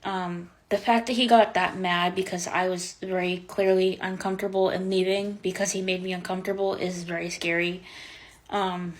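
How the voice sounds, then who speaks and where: Chatty young woman, lower voice. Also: level tone, normal speed, poor audio. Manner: chatty, lots of "like" and "um" fillers; dramatic retelling with quoted voices. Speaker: vlogger. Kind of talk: casual storytime.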